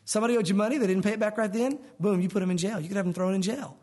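A man's voice: high voice, very fast, darkish tone. A man preaching a sermon in a conversational, earnest way, explaining verses in plain words and calling the listeners "guys". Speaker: pastor.

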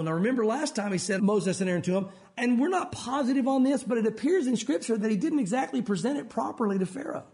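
High-voiced guy preaching, chatty and jokey, pauses hard for emphasis. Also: a little mellow. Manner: conversational, joking, with emphatic pauses. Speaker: pastor. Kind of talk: sermon.

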